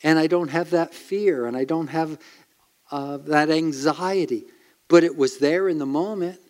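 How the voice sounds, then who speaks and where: A male pastor preaching with earnest emphasis. His voice sits a little high for a man, and he leans on dramatic pauses to drive his points home. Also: darkish tone. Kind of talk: sermon.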